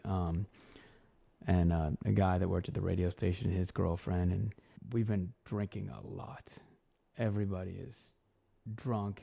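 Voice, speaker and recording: A man in his forties hosting a podcast, telling a personal story and jumping to loud, animated exclamations when he quotes people. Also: low voice, vocal fry. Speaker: podcast host.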